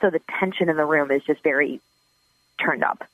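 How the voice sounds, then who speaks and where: Slightly high man on a dull call line. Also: a little fast, no echo. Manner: hesitant, fillers like "like" and "um". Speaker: trial observer interviewed. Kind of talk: casual explanation.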